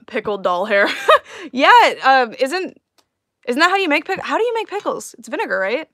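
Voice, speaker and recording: A woman's voice: sits high, very animated, normal speed, a bit bright, dry recording. A young woman chatting casually on a live stream at home as she unboxes dolls, rambling and giggling with lots of fillers. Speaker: doll collector livestreaming an unboxing. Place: home room.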